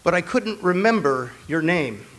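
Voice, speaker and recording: A man voicing a blunt young male volunteer with a thick French accent, speaking flatly and matter-of-factly. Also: a little high, measured pace. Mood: deadpan. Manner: flat, matter-of-fact, heavily accented.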